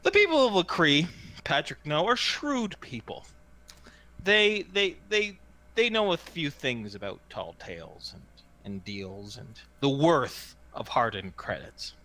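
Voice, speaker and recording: A man runs a tabletop game, narrating dramatically. His bright voice swoops up and down, and he takes his time. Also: on the high side, sing-song, measured pace. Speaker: game master.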